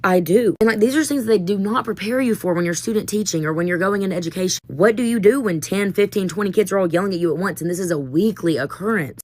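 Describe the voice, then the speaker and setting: A high school teacher, a woman, venting about her students in a fast, exasperated telling. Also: darkish tone, dry recording. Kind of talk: venting straight to camera.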